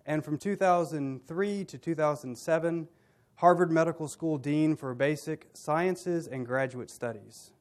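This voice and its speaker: A middle-aged man, a minister, hosting a university dialogue event. He gives a formal, measured introduction with a touch of dry humor. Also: fairly high pitch.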